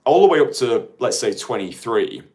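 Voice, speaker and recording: A man's voice: medium pitch, animated, normal speed, darkish tone. A man in his late twenties, a dating coach talking casually to viewers in a rambling way full of "like". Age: late 20s. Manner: chatty, rambling, heavy use of "like".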